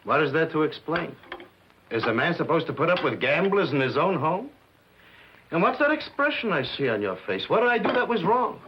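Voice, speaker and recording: An indignant family husband, emphatic and scolding. His voice sits high and swings widely in pitch. It comes through a dull, lo-fi old television recording. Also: big pitch swings, brisk, a little hiss or hum. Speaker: husband in a sitcom. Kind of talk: 1950s TV sitcom acting. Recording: dull lo-fi 1950s TV sound.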